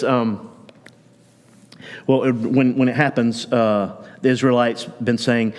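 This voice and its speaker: A man preaching a sermon as pastor, retelling a story in a relaxed, conversational way and acting out the quotes. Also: medium pitch, measured pace, big-room sound. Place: church.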